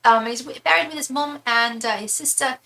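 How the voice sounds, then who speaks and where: A sweet, friendly British cemetery worker with a put-on British accent, as a woman imitates her. The voice is raised high and bright, chirpy as she gives directions. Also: a little fast. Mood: sweet, helpful.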